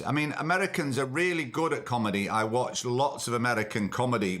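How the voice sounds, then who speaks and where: A man's voice: mid-range voice, pushed and bright. A man hosting a podcast, delivering a sarcastic, mocking comedic rant. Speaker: podcast host. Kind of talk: comedic ranting monologue.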